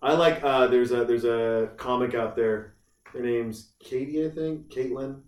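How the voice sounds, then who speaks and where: A man's voice: mid-range voice, measured pace, far from the mic. A man chatting casually on a podcast, telling stories and acting out the people he quotes. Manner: animated storyteller, acts out quoted voices. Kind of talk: casual chat. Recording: roomy echo, off mic.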